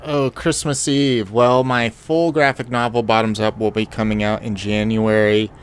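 A man's voice: lowish voice, flat delivery, normal speed, clean tone. A man co-hosting a podcast, rambling and joking between fillers as he reviews movies. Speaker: podcast co-host. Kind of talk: casual podcast chat.

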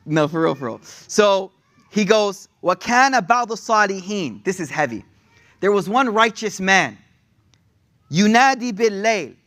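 A man with a high voice teaches a religious lesson in a loose, chatty way. He reads passages at a quick clip and then unpacks them in plain slang. He sounds like he is talking with friends. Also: fairly bright tone. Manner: slangy and conversational, reading Arabic quotes quickly then explaining them.

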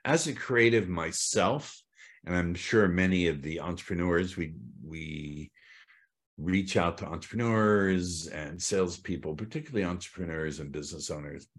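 A middle-aged man from the United States hosting a podcast interview, upbeat and eager to dive into questions. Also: low-pitched. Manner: upbeat, talks of diving in, quick asides. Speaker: podcast host.

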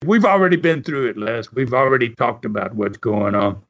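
A man voicing a boastful, blustering male wrestling villain in a high, mocking tone, in a muffled recording. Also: normal speed, a bit bright, natural voice. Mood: protesting.

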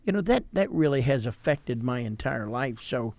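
A man, a pastor hosting a podcast, telling a funny story with animated delivery. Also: medium pitch, normal speed, dry recording. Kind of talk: storytelling chat.

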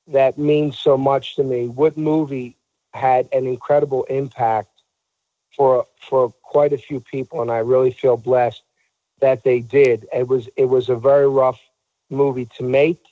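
A man's voice: medium pitch, level tone, measured pace, no room sound, narrow, tinny audio. A man telling a story in a casual talk show, acting out the voices of the people he quotes.

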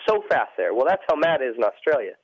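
A man chats casually on a racing podcast, self-deprecating and quick to restart his sentences. His voice is mid-pitched. The recording is dry and slightly dull. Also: sing-song, no room sound. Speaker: co-host, former team manager.

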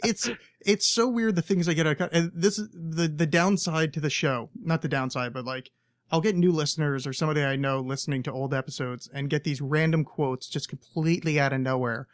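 Host, male, slightly high voice, rambling and profane, dry close sound. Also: fairly quick, no room sound. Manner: rambling, profane, self-mocking. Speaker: podcast host. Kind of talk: casual chat.

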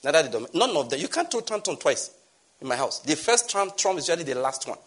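A middle-aged man preaching a sermon as pastor, animated, swinging from loud exclamations to soft asides. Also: a little high, quick pace, slightly rough.

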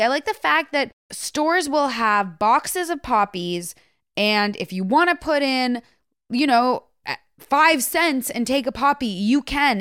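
Woman cohost, firm n heartfelt, lots of likes, smooth higher voice, dry sound. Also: dry recording. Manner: firm, heartfelt, talks with many likes and restarts. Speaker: podcast co-host. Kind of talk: casual podcast chat.

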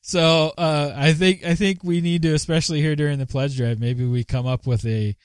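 A man's voice: fairly high pitch, fairly even intonation, moderate pace, smooth, no echo, clean studio sound. Casual rambling podcast host, man. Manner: rambling with many fillers and laughs. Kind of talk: casual live show chat.

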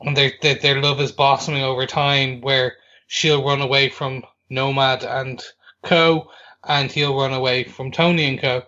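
A man's voice: medium pitch, flat delivery, measured pace, bright, forceful tone, muffled recording. A man from the UK co-hosting a podcast, chatting enthusiastically in a casual film review. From United Kingdom. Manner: enthusiastic, acts out reactions. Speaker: podcast co-host.

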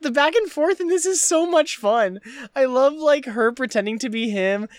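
A woman co-hosting a casual podcast, retelling film scenes in an animated way with lots of "like" fillers. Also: high voice, moderate pace, no room sound, studio quality. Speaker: podcast co-host.

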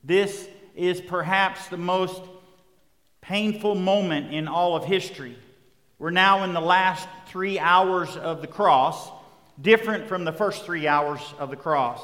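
A man with a high voice delivers a sermon in steady, emphatic refrains that swell toward loud peaks. His words ring out with a long reverb trailing behind them, as if he is speaking in a large hall. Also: unhurried. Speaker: pastor.

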